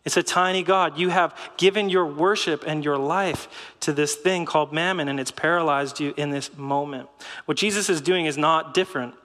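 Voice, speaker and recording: A middle-aged man giving a sermon in a lively, conversational way, with rhetorical questions and short laughs. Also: fairly high pitch, moderate pace, in a large hall. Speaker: pastor.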